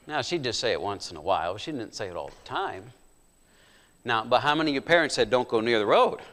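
A man preaching a sermon, telling stories, asking the congregation questions and reading scripture slowly. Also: mid-range voice, sing-song, bright, forceful tone. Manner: storytelling, asks the congregation questions; slow deliberate scripture reading. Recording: long hall reverb.

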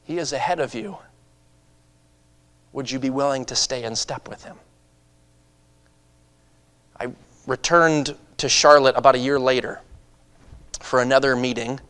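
A male preacher giving a sermon, swinging from impassioned urging to hushed personal storytelling. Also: steady tone, measured pace, pauses often, clean tone, big-room sound. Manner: impassioned, rising in pitch and volume to urge; hushed and confessional when telling stories.

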